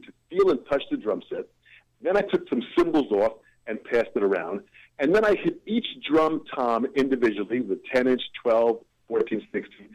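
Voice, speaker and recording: An ebullient man spinning a story as an interview guest, his voice leaping up and dropping low as he builds the drama. His pitch sits at a middle height for a man, and he leans hard into each turn of the tale. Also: a little mellow, highs cut off. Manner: ebullient, dramatic vocal swings. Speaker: guest drummer and motivational speaker.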